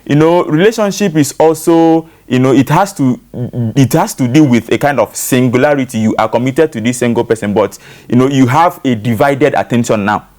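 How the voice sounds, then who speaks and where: A man's voice: medium pitch, brisk, few pauses, a little mellow. A man with a Nigerian English accent, a panel guest on a talk show, explaining at length and leaning on fillers like "you know".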